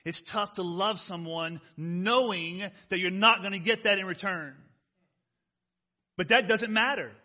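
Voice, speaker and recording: A man preaching a sermon to his congregation in a conversational way, slowing down to stress key words and often asking rhetorical questions. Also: sits high, bright, forceful tone. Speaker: pastor.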